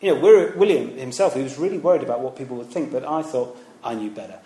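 Speaking fast in a mellow, medium-pitched voice, a preacher who used to teach gives a chatty, story-filled sermon. He asks rhetorical questions and performs quoted voices, all recorded in an echoey room.

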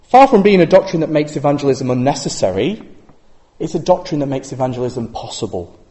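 Man preaching with a lively pitch. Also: brisk. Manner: conversational, many rhetorical questions. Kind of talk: sermon.

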